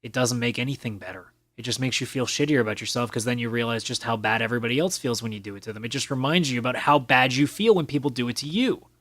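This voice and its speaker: Talking fast with few pauses, this podcast host has a mid-range, fairly bright voice and no echo in the recording, which comes from a desk-mounted camera mic. On his casual solo show he's blunt and swears a lot, occasionally mocking other players by imitating them.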